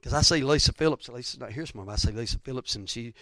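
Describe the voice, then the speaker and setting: A man's voice: medium pitch, rapid-fire, pushed and bright, no echo, studio quality. A man preaching a sermon in a church, folksy and rambling, with repeated phrases and asides to the congregation. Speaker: pastor. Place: church sanctuary.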